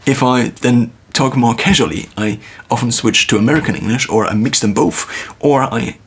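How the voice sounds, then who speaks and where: A man thinking aloud in a reflective solo monologue, musing with pauses and restarts, recorded on a phone. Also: mid-range voice, breathy edge. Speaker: video creator.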